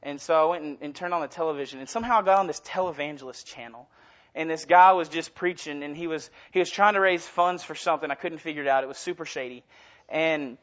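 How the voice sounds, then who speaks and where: High-voiced young man preaching casually. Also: fast talker, fairly bright tone. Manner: casual, rambling, self-deprecating, often restarting. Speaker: guest preacher. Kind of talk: informal sermon with storytelling. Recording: dull lo-fi recording.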